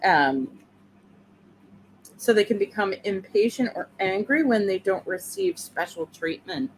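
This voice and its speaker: Unhurried female co-host, mid pitch, filler-heavy, light background noise. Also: expressive, poor audio. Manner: slow, reads points with fillers. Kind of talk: casual livestream discussion.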